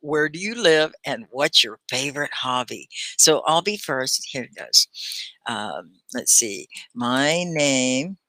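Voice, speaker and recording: Texan woman ESL teacher, encouraging live lesson, bright tone, dry close sound. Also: extremely low pitch, sing-song, no room sound. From Texas. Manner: encouraging, instructive, slow for learners. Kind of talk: live online English lesson.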